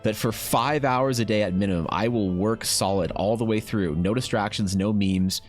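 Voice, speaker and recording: A man with a Canadian accent chatting on a live art stream, excitable and swearing, mock-exasperated at his chat. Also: on the low side, normal speed, soft background music. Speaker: artist streamer. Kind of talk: casual livestream chat while drawing.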